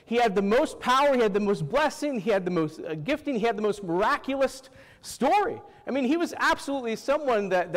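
A pastor delivers a sermon in a fairly high voice, calling out questions to the congregation and tagging lines with "Amen". His words trail off into a long hall reverb.

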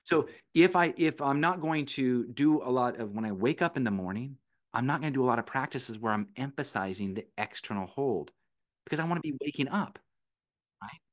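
Male meditation teacher as a podcast guest, a middle-pitched voice, explaining his methods patiently and methodically. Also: expressive, brisk. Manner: patient, explanatory, walks through steps one by one. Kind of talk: conversational explanation.

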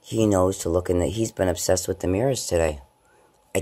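A woman vlogging casually at home, rambling about her day and her eyesight, and slipping into high baby talk with her cats. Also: a little fast, warm tone. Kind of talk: casual late-night vlog. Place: at home, indoors.

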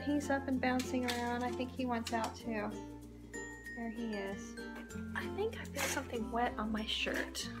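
A cheerful woman with a high voice chats to the camera as she shows off her home and kitchen. She talks in a casual, friendly vlog style. The home video has music playing clearly under her voice. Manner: chatty, cheerful, talking to camera while doing chores. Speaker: vlogger. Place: family home, indoors.

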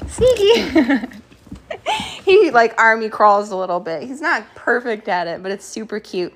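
Woman hosting a pet live stream, fairly high voice, playful, quick dog commands, a little breathless. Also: a bit bright, a little hiss or hum. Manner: playful, gives quick commands and thanks viewers between laughs. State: slightly out of breath. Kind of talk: live stream chat while training dogs.

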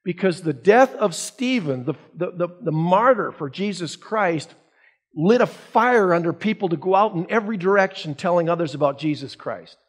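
High-voiced pastor teaching a Bible class. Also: male voice, animated, moderate pace, breathy edge. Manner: asks the class rhetorical questions; reads scripture aloud. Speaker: pastor teaching adult Sunday school.

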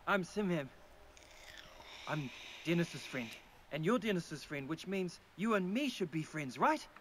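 A man's voice: a little high, sing-song, measured pace, a bit bright, slight background noise. A man voicing a polite male islander with a British accent, asking for help in a game. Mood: earnest. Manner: polite, pleading.

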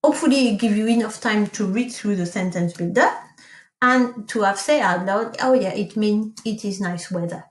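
A woman's voice: medium pitch, echoey room. A woman teaching a recorded lesson, patiently explaining with fillers and self-corrections and carefully modelling pronunciation. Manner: slow, careful model pronunciation of French words. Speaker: French teacher. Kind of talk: recorded online language lesson.

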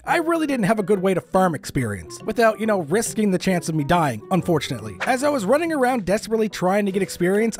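A man narrating and reacting live as a gaming YouTuber, excitable and quick to cry out in alarm. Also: high-pitched. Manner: excitable, lots of startled exclamations. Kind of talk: let's-play commentary with narration.

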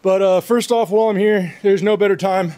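A man's voice: high-pitched, fairly even intonation, fairly quick, warm tone. A man on a casual gear review vlog, talking loosely and swearing freely, out of breath after a long ruck march, outdoors with a clip-on mic. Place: outdoors in his front yard.

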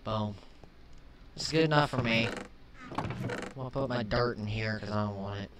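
A young man giving let's play commentary, chatting calmly and then flaring into shouted rage at the game, often swapping swears for milder words. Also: lowish voice, moderate pace. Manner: swaps swears for mild substitutes. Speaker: gaming commentator. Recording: distant mic with faint hiss.

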